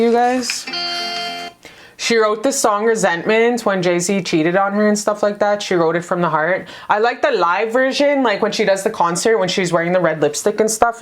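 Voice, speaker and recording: A woman giving a casual love tarot reading to the camera, chatty and blunt, swearing freely and calling her viewers "you guys". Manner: animated, jumps in pitch for emphasis. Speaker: tarot card reader.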